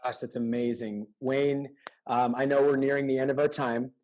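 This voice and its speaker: A man's voice: medium pitch, darkish tone, low-quality recording. Casual male podcast host. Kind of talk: casual chat.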